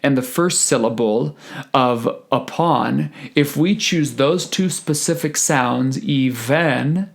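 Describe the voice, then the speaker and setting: A man who is a choral conductor, explaining rehearsal methods in a deliberate presentation. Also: mid-range voice, gravelly. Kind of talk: recorded conference presentation.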